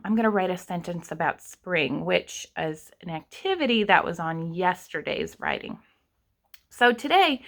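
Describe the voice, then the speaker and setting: A young woman teacher talks at an unhurried, deliberate pace, stretching out each sound of a word for little learners. Her pitch sits in an ordinary middle range, and her tone stays patient and explanatory throughout. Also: a bit bright. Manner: slow, sounding out words step by step. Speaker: kindergarten teacher. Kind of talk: online writing lesson.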